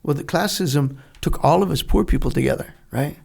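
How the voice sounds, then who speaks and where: An older man, a retired Navy veteran, telling a lively story in a podcast interview, acting out the dialogue and laughing often. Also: fairly high pitch, brisk, gravelly, husky. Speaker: guest, retired Navy SEAL.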